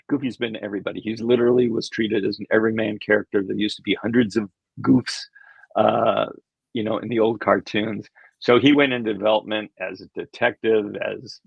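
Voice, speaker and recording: An older man who makes animation tells rambling anecdotes in a casual interview, chuckling and acting out the voices he quotes. His voice is lowish, slightly rough, with vocal fry. The recording has a dull lo-fi sound and no echo.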